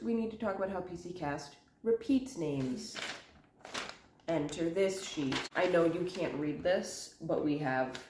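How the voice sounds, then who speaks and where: A woman chatting quickly about books in a casual video essay, sick and talking around a cough drop, rattling off long lists with ums. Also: sits low, darkish tone. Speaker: book commentary vlogger. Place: indoor room at home. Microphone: camera in front of her. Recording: echoey room.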